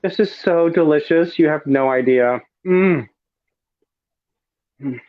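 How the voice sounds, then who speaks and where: A man's voice: fairly high pitch, slow pace, dry recording, dull audio. Campy man demoing a recipe. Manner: campy, chatty, savoring each bite aloud. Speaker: drag performer cooking on a livestream. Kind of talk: casual cooking demonstration.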